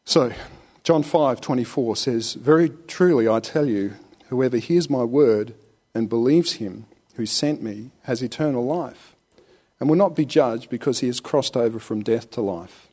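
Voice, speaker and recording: A man preaching a relaxed, conversational sermon, with rhetorical questions and chuckles. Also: medium pitch, unhurried. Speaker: pastor.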